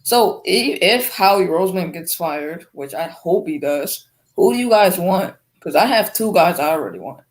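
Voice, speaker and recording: A man's voice: high-pitched, lively intonation, normal speed, few pauses. A man on a sports call-in show eagerly quizzing his co-hosts about their picks. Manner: eager, asks the group questions. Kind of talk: casual sports chat.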